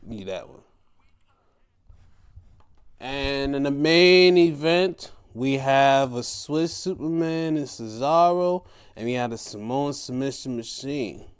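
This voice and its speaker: A man hosting a laid-back sports and wrestling recap, his voice swinging up and down with lively, animated pitch. He talks at an unhurried, drawn-out pace, playful and loose, now and then jumping into high mocking voices. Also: clean tone. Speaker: podcast host.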